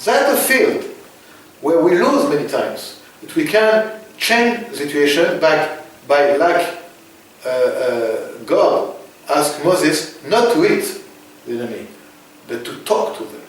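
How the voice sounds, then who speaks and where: French-accented guy in an interview, halting and emphatic, kinda high voice, very echoey room. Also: animated, recorded from a distance. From France. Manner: halting, repeats words for emphasis. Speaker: interview guest.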